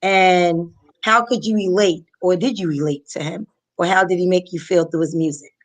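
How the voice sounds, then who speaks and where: A woman from New Jersey hosting a live online talk, speaking casually and warmly with many pauses and ums over a video call. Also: on the low side, steady tone. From Paterson, New Jersey, US. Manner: soft-spoken, many ums, heartfelt. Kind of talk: casual live-stream chat.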